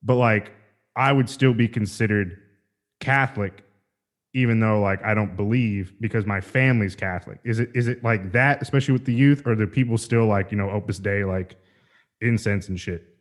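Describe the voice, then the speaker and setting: A man's voice: on the low side, normal speed. A man hosting a podcast in casual chat, rambling and loose as he searches for his words. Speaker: podcast host.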